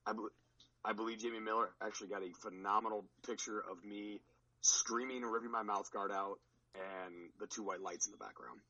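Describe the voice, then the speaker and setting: A man's voice: fairly low pitch, steady tone, fairly quick, bright, forceful tone, lo-fi sound. A man on a podcast recounting his powerlifting meet in a rambling, casual way, with many restarts. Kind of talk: casual chat.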